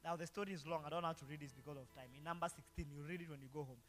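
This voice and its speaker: High-pitched preacher, echoing hall. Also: male voice, racing, a bit bright. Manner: preaching with rhetorical call-and-response questions. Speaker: pastor. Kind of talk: sermon. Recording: long hall reverb with faint guitar.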